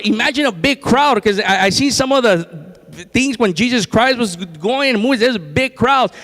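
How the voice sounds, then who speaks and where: High-voiced man preaching in reverberant church. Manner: lively storytelling, acts out quotes with laughs. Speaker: guest preacher. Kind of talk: sermon. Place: church sanctuary. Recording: long church hall reverb.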